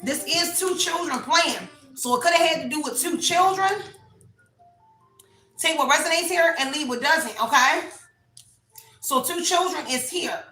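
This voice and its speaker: A woman's voice: high-pitched, unhurried, long pauses, sharp tone, reverberant, soft background music, rough recording. A woman giving a casual tarot reading, talking bluntly and rambling through a personal story. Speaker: tarot reader.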